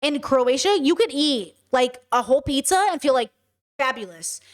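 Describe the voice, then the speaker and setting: Woman, high voice, casual commentary, animated, profane, joking. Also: moderate pace. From United States. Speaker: commentator reacting to a video. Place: living in Croatia.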